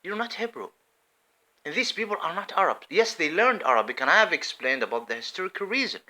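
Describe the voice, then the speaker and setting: A man giving an impassioned religious monologue, swinging between loud emphatic outbursts and hushed asides. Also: on the high side, big pitch swings, fast. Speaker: religious commentator.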